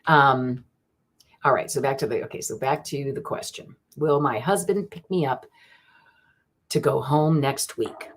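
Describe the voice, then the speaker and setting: Excitable low-voiced woman psychic. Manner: chatty, excitable, addresses viewers by name; slow solemn invocation prayers. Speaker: online psychic reader. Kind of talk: live-stream divination chat.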